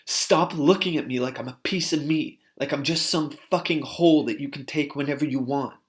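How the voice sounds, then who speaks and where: A man voicing a furious woman shouting at men. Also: steady tone, unhurried, natural voice. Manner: shouting, accusing, rising in pitch.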